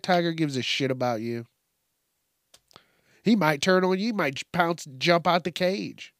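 A man hosting a podcast delivers a casual solo rant full of swearing, sounding groggy as if it's early morning. He's animated, mimics people with high yelps, and speaks at a moderate pace. The recording is dry, clean studio sound.

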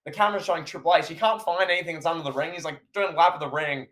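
Guy on a podcast, fairly high voice, gets really worked up retelling a wrestling match. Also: rapid-fire. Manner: animated, acts out commentators' lines. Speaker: podcast co-host. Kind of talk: casual chat.

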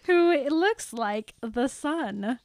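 High, unhurried woman co-host, teasing exclamations, dry mic. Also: lively intonation, darkish tone, no room sound. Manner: exclaims and teases, laughs a lot. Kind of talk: casual book recap chat.

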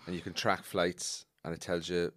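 Deep-voiced Cork comedian. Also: male voice, level tone, normal speed, a bit bright, no echo, studio quality. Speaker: podcast guest, comedian. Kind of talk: casual podcast chat.

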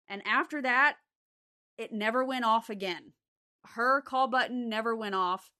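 A young adult woman telling a story from her days as a care aide, relaxed and unhurried, with lots of "like" fillers. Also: on the high side. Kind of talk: casual spoken ghost story.

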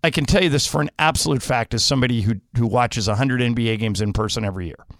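A man's voice: mid-range voice, fast talker, no echo, clean studio sound. A man co-hosting a sports radio show, arguing his opinions emphatically. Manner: emphatic, argumentative.

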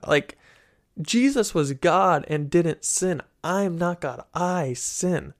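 A man's voice: a little high, expressive, slow. A man hosting a Christian teaching talk, speaking casually with many restarts and "right?" tags, from a desk with a microphone. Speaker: Christian teacher, podcast host. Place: room with desk and bookshelf. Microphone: studio microphone.

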